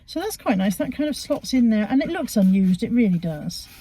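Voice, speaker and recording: A woman's voice: fairly high pitch, very animated, fairly quick, warm tone, breathy edge. A middle-aged woman chatting casually from inside a car, rambling through her shop finds with self-mocking humour. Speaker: vlogger showing charity shop finds. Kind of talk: casual chatty haul video.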